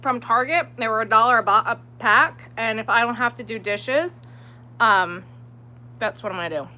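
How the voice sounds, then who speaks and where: A woman's voice: on the high side, normal speed, sharp tone, rough recording. A woman hosting a crafting livestream, chatting casually and ranting in exasperation, sometimes muttering under her breath. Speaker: crochet livestream host.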